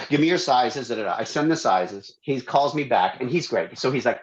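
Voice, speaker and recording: A man, a guest on a talk show, telling a long family story in a casual, animated way and acting out the voices of the people in it. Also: mid-range voice, normal speed, few pauses, rough recording.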